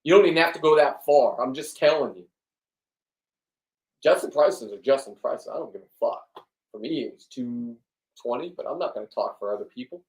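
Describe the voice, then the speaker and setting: A man in his fifties, a fishing and diving vlogger, rambling in a crude, loud, joking monologue. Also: mid-range voice, expressive, brisk. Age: 50s. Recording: roomy, from a distance.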